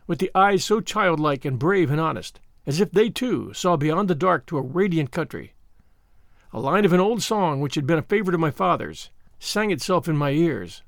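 A man narrating a novel in the first person, measured and earnest. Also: a little high, no echo, studio quality. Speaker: audiobook narrator. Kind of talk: scripted narration.

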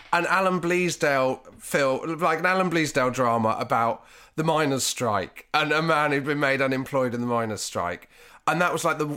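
A man's voice: a little high, sharp tone. A man in casual podcast chat, talking in a rambling, reflective way with lots of hedging fillers.

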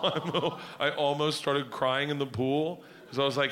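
A man in his forties telling profane family stories as stand-up comedy, animated and prone to loud outbursts. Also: mid-range voice, a little fast, hardly any pauses, background noise.

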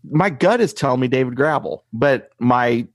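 A podcast co-host chats casually in an expressive, mid-range voice at normal speed. He rambles, piling on fillers and restarts, and the clean studio sound carries no room tone.

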